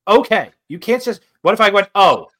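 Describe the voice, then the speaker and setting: A man's voice: sits high, very animated, moderate pace, fairly bright tone. A young man with a New York-area accent, co-hosting a podcast in casual, joking, profane banter. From New Jersey or New York area. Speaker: podcast co-host.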